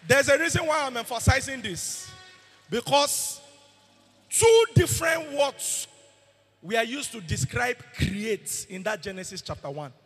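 A man's voice: extremely high pitch, lively intonation, unhurried, fairly bright tone, slightly rough, soft background music. A man preaching a sermon as pastor, emphatic and asking the congregation questions. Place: church hall. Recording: long hall reverb.

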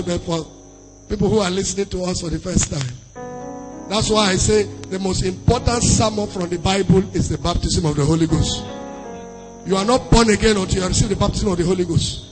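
A middle-aged man preaching a sermon and answering questions, swinging between shouting and softly singing scripture. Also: sits high.

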